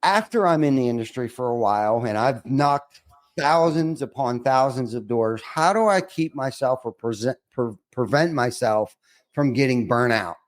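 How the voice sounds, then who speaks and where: Expressive and medium-pitched, a middle-aged man talks at a moderate pace while hosting a podcast interview. He's earnest and reflective but rambling, backing up and restarting many times before asking what's next.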